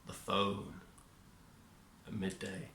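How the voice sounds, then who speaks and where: A man's voice: low voice, monotone, extremely slow, pushed and bright, a little hiss or hum. A man giving a rambling, upbeat self-help monologue, often cutting himself off mid-word. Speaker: vlogger. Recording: echoey room.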